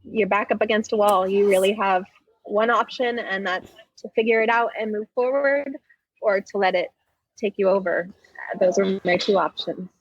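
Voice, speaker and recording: A woman in her thirties, a podcast guest, retelling a painful personal story in a halting, heartfelt way. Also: medium pitch, breathy edge, no room sound, muffled recording.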